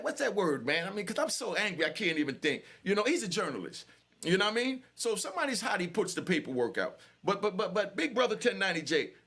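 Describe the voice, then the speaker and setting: An older man talks straight to the camera in a heated, emphatic way, repeating himself and packing his speech with fillers. His voice sits high for a man. He is worked up and angry. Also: a bit bright. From New York. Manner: emphatic, repetitive street talk with many fillers. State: angry and sweating. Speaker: channel host. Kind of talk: heated direct-to-camera talk.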